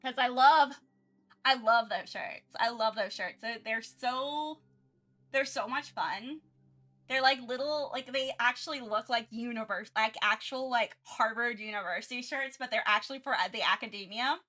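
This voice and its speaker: Bright-voiced young woman rambling casually. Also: fairly high pitch, moderate pace. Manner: rambling, self-mocking, many fillers and restarts. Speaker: art streamer. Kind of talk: casual chat while drawing.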